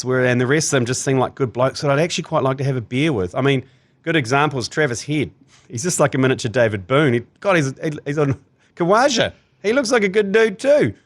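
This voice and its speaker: A man with a New Zealand accent hosting a sports podcast, telling jokey stories in casual chat. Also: mid-range voice. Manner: animated, laughing, jokey storytelling. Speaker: podcast host.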